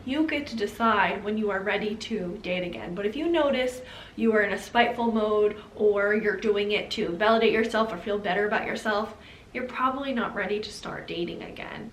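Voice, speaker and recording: A woman's voice: mid-range voice, fairly bright tone. A woman talking straight to her viewers, giving earnest, direct relationship advice in a casual vlog. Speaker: advice vlogger. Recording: roomy with faint background hiss.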